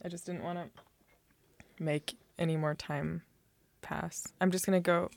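A young woman co-hosting a radio chat, chatty and quick to laugh. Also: lowish voice, level tone, gravelly. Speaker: radio co-host. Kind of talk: casual chat.

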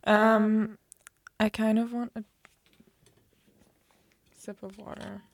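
A woman's voice: a little high, flat delivery, creaky, no room sound. Brief: young female radio co-host, giggly and chatty, close dry mic. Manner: giggly, chatty, quick to laugh. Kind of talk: casual chat.

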